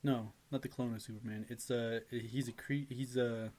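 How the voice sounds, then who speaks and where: A man's voice: medium pitch, steady tone, normal speed, darkish tone. A young man co-hosting a casual podcast chat, telling stories animatedly, laughing often and swearing freely. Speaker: podcast co-host.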